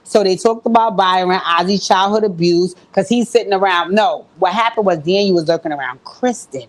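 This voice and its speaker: Animated woman recapping a show. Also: on the low side, brisk. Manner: animated storytelling, profane slang; acts out quoted lines in shifting voices. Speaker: host recapping a TV episode. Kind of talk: casual recap commentary.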